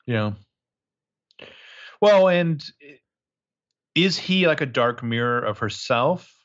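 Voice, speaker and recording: A man's voice: mid-range voice, expressive, takes it slowly, dull audio. A man casually recapping a movie as a podcast co-host, crude and joking, rambling with lots of fillers.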